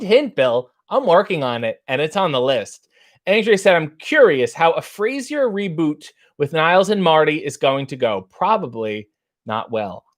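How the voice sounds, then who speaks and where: Wry man reading viewer comments. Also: a little high. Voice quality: dry, wry humor. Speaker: host.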